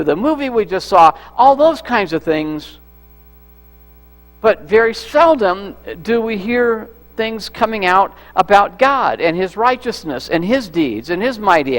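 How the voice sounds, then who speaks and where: A man's voice: high-pitched, a bit bright. A man preaching a sermon as pastor, conversational, repeating words and asking the congregation questions. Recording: echoey hall with mains hum.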